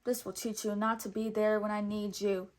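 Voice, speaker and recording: A woman voicing a vain, villainous prince who shouts and whines his orders in a read-aloud storybook. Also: mid-range voice, flat delivery, normal speed, close to an everyday voice. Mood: greedy. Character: spoiled vain villainous prince, adult male.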